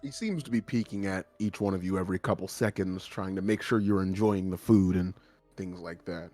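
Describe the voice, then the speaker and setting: A man narrating as game master of a tabletop game, describing scenes in a relaxed way with frequent filler words. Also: low-pitched, fairly quick, faint music behind.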